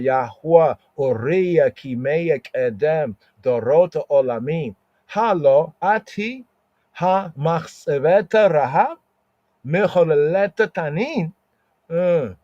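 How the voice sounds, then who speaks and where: A man's voice: medium pitch, darkish tone, no room sound. Male podcast teacher, casual scripture study, keeps asking "right?", muffled lo-fi, dry mic. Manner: repeats words, asks "right?" often, reads Hebrew aloud. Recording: dull lo-fi sound, dry.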